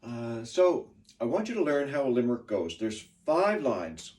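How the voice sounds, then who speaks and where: Lively man teaching, heard from a distance. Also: mid-range voice, moderate pace. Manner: patient, lively, stresses words in an exaggerated way. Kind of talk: classroom pronunciation lesson.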